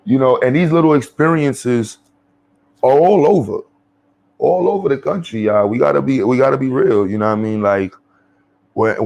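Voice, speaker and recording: A man delivers off-the-cuff commentary in a blunt, profane, animated way. He rambles with plenty of fillers and restarts, and his voice sits at a middle pitch. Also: gravelly. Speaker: commentary channel host.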